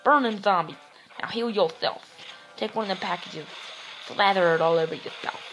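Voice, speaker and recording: An excitable man hosting gameplay commentary, shouting and whooping, his voice getting sore. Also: high-pitched, normal speed, soft background music, rough recording. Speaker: gaming channel host.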